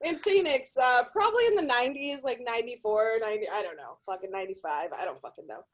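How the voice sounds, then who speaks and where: A woman's voice: on the high side, expressive, fast talker, poor audio. A young woman doing a brash, profane, self-deprecating stand-up set. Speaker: stand-up comedian.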